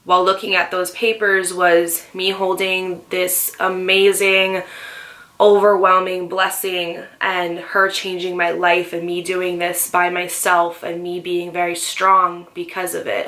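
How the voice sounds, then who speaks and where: A woman's voice: lowish voice, completely flat delivery, measured pace, pushed and bright. A woman in her twenties telling her own life story in a candid, emotional vlog, full of "like" and "um". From Northeastern US. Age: 20s. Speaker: vlogger.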